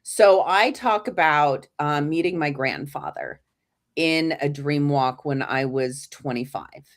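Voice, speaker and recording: Low-voiced woman telling a personal story. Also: slow. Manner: animated storyteller who acts out quoted voices; many fillers and restarts. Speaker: interview guest. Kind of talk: storytelling in a casual interview.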